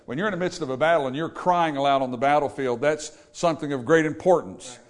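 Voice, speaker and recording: A man's voice: a little high, fast talker. A man preaching a sermon, earnest and emphatic, repeating key words to drive his points home.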